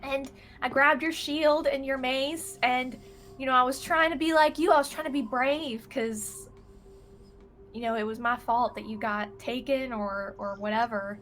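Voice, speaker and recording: A woman's voice: high-pitched, fairly even intonation, unhurried, fairly bright tone, slight background noise. A woman voicing a timid young girl adventurer who rambles nervously to her brother, in a tabletop role-play game. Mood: anxious.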